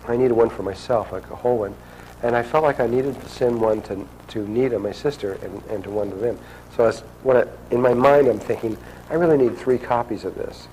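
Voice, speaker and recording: A man's voice: mid-range voice, a little mellow, a little hiss or hum, poor audio. A man telling a personal story to an audience in a loose, conversational way, acting out the dialogue. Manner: conversational, acts out quoted dialogue.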